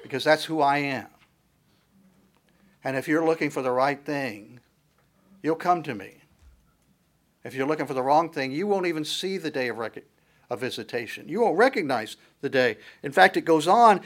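Speaking at normal speed, a middle-aged man gives a sermon from the pulpit as pastor, in a voice a bit higher than most men's. Each point grows through repeated rhetorical questions, set to a steady preaching cadence.

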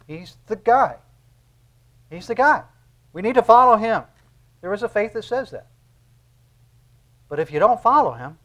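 A man preaching a sermon in an earnest, conversational way, repeating key phrases for emphasis. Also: sits high.

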